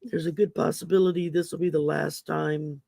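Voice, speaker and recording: A woman hosting a casual livestream chat, her voice growly from damaged vocal cords, rambling and halting with many fillers. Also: low voice, steady tone, creaky, dark tone, no echo. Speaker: host.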